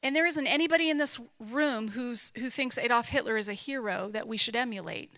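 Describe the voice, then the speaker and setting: An author and speaker gives a conversational teaching talk in a slightly high, brisk, somewhat bright voice. She isn't from the American South, and her delivery is reflective and emphatic as she poses questions to herself aloud.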